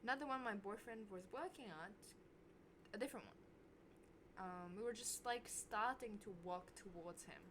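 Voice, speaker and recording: Young woman telling a story, noisy recording. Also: normal speed. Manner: animated, swears a lot, voice jumps high when worked up. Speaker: vlogger. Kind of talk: casual storytelling to camera.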